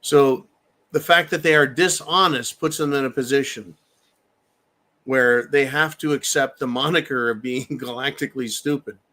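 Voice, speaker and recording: A man's voice: medium pitch, normal speed, bright, forceful tone. A man hosting a live stream, reading viewer comments aloud and ranting in a profane, mocking way. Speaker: host reading viewer chat.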